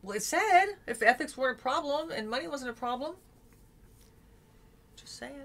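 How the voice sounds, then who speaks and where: A woman's voice: high voice, expressive, normal speed, fairly bright tone. A middle-aged woman hosting a casual live stream, talking earnestly and sometimes searching for words. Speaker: host.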